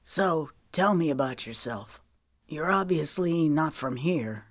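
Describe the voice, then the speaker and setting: Audiobook: female narrator playing a weary male country star, lowered voice, soft and curious. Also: expressive, takes it slowly, no room sound, studio quality, exaggerated voice.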